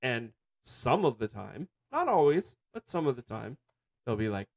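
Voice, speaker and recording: A man with an American accent banters as a reaction co-host. His pitch swings widely, and he delivers dry jokes and brief asides in between longer musings. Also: sing-song, normal speed, vocal fry. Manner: dry, joking banter, short quips. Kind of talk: casual chat.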